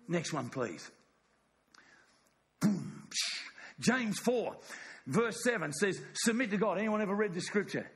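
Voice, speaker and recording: A man's voice: high voice, animated, moderate pace, fairly bright tone, long reverb tail. A middle-aged man preaching a sermon in a church, emphatic and repetitive, often asking the congregation "yes or no?". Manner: emphatic, repeats phrases, asks congregation "yes or no?". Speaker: pastor.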